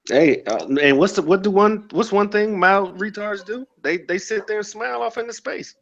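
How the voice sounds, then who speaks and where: A man's voice: high voice, normal speed, lo-fi sound. A man in a heated online voice chat who mocks and insults the other speaker with sarcasm. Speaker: debate participant.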